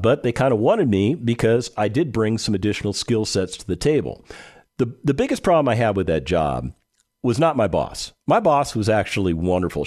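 A man's voice: medium pitch, darkish tone. A man hosting a radio talk show, speaking bluntly and conversationally and putting questions straight to his listeners. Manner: blunt and emphatic.

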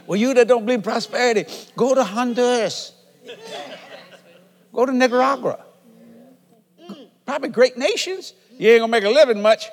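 Pausing often, a middle-aged preacher with a fairly high, creaky voice speaks at a moderate pace in a folksy church sermon. He alternates easy chatter with loud declarations that echo through the large hall's long reverb.

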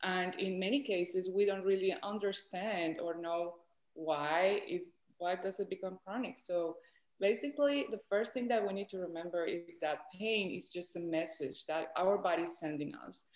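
Colombian-accented woman doctor, lowish voice, patient explainer, roomy echo. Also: moderate pace. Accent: Colombian Spanish. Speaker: doctor guest. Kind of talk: explaining in an interview.

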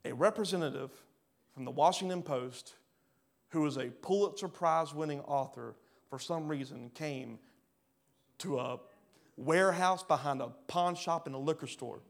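A pastor preaching a sermon, swinging between loud rising bursts and quiet low drops. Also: male voice, moderate pace, gravelly. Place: church hall.

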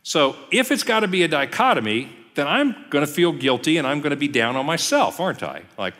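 Lively pastor man in a reverberant hall. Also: on the high side, brisk, few pauses. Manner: lively, acts out quoted voices. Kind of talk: conversational sermon. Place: church sanctuary. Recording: long church hall reverb.

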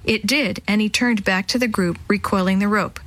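A woman storyteller warmly reading a children's chapter book aloud, acting out the voices. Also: medium pitch, normal speed, no echo, poor audio. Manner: warm, expressive reading, acts out voices.

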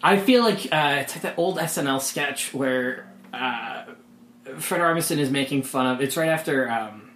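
A man co-hosts a podcast in a mid-range, slightly bright voice at normal speed, chatting casually with wry asides that drift into tangents. The recording has roomy echo and a little hiss or hum.

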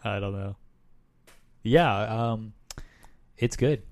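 A man in relaxed, blunt film chat who swears casually. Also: fairly low pitch, very slow, no room sound.

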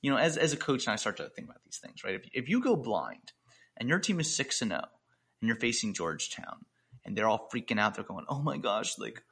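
A man's voice: on the low side, very animated, quick pace, a bit bright, husky. A man co-hosting a podcast, chatting in a loose, rambling way with many restarts. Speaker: podcast co-host and coach. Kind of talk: casual podcast chat.

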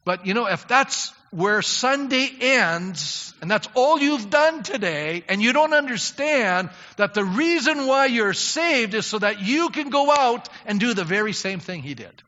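A male pastor preaches in a bright, forceful voice that sits a little high, swinging from conversational asides to emphatic appeals. His sermon rings through a long hall reverb. The recording has a dull, lo-fi sound. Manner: emphatic, rising to loud appeals; conversational, addresses congregation directly. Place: church sanctuary.

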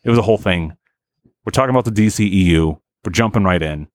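A man hosting a casual podcast, ranting in an exasperated, profane, animated way. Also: fairly low pitch, fast, no echo. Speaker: podcast host.

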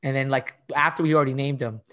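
A man, a life coach, talking through ideas in a casual podcast conversation with enthusiastic, animated storytelling. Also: medium pitch, quick pace. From Argentinian and Italian heritage.

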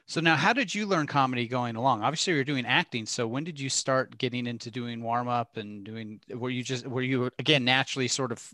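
A man's voice: mid-range voice, fairly quick, hardly any pauses, bright, forceful tone, no echo, studio quality. A man hosting a podcast interview, asking curious questions with joking asides. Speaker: podcast host.

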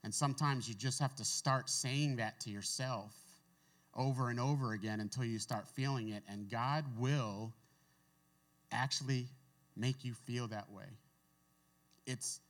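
A man preaching a relaxed, conversational sermon, reading scripture and adding his own asides. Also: medium pitch, a little slow. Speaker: pastor. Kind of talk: casual sermon.

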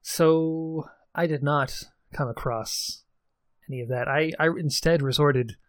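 A man's voice: on the high side, slow pace, no room sound. A man, co-hosting a casual podcast chat, rambling and poking fun at himself with frequent chuckles. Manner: rambling, self-deprecating, chuckles often. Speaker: podcast co-host.

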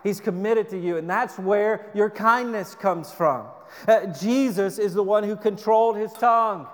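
A man preaching a sermon as a pastor, earnest, repeating words and dropping to a soft low voice for emphasis. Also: measured pace, in a large hall.

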